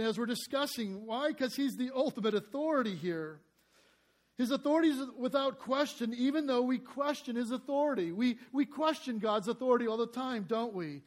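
A man's voice: very high-pitched, moderate pace. A male preacher delivering a sermon, earnest, asking the congregation rhetorical questions and reading scripture aloud with emphasis.

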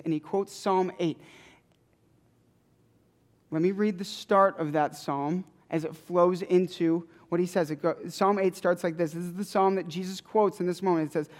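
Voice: medium pitch, a little slow. A preacher giving a sermon in an emphatic, conversational way, with lots of repetition. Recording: long hall reverb.

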